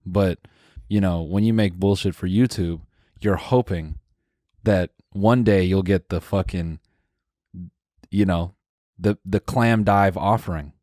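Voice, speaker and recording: A man's voice: deep voice, takes it slowly, darkish tone, no echo, studio quality. A young man co-hosting a casual podcast, rambling and hesitant with many fillers as he works through an idea. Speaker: podcast co-host.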